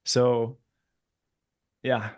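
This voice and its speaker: A man working as a dating coach, speaking hesitantly and often pausing to search for words in casual panel chat. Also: mid-range voice, level tone, darkish tone, clean tone.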